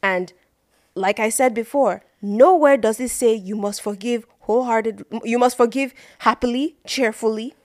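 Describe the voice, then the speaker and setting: A woman co-hosting a casual faith podcast, blunt and joking, with quick asides. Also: on the high side, no room sound, studio quality. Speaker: podcast co-host.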